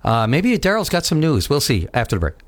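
A man's voice: on the high side, wildly swooping pitch, fairly quick. A man hosting a live call-in radio show who rambles and fills his talk with ums and uhs. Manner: rambling, with many fillers.

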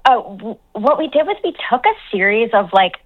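A woman's voice: on the high side, very animated, a little fast. A woman from Newfoundland with a Newfoundland accent, a dialect coach chatting as a radio guest, talking freely with frequent laughs and fillers. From Newfoundland, Canada. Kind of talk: casual phone interview. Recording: tinny phone line.

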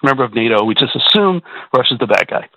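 A worked-up male caller who stumbles over repeated words as he speaks. His voice is bright and forceful. The sound is dry and close. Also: medium pitch, expressive, quick pace, dry recording, rough recording. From Canada. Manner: agitated, repetitive, stammering restarts. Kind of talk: call-in radio talk.

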